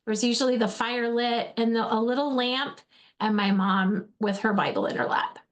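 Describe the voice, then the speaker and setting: A woman's voice: fairly high pitch, moderate pace. A woman in her forties from Alaska giving an earnest motivational talk, often calling her listeners friends and repeating words as she goes. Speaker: host, faith-based speaker.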